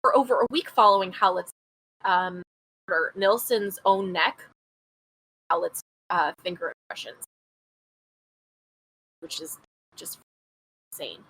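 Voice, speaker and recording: A woman's voice: lowish voice, measured pace, pauses often, a bit bright, slightly rough. A woman co-hosting a podcast, reading a true-crime case from her notes in a casual way, tripping over place names and adding blunt comments. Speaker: podcast co-host.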